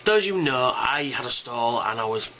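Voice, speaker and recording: A man records a casual, rambling video response, full of ums and cheerful swearing. His voice sits at an ordinary pitch, and his delivery stays enthusiastic. The sound is dull and lo-fi, with a faint hiss behind it. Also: expressive, moderate pace. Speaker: fan convention vlogger.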